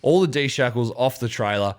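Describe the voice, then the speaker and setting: A man's voice: mid-range voice, expressive, brisk. A young Australian man co-hosting a podcast, telling a rowdy, rambling story full of swearing. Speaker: podcast co-host. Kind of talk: casual storytelling chat.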